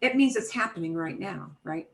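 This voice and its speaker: A woman's voice: mid-range voice, animated, moderate pace, fairly bright tone, rough recording. A middle-aged woman teaching an online Spanish class, explaining grammar patiently step by step with everyday examples over a video call.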